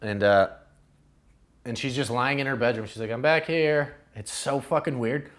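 A man's voice: mid-range voice, moderate pace, a bit bright. A man telling a story in casual chat, acting out the lines he quotes with lots of swearing.

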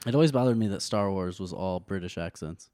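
A man's voice: low voice, fairly quick, mellow, no echo, studio quality. A man in casual chat, laughing often and asking playful questions.

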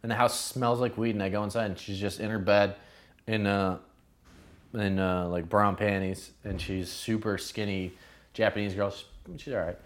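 Animated man telling a story. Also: on the low side, normal speed. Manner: animated, acts out quoted lines with swearing. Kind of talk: casual storytelling chat.

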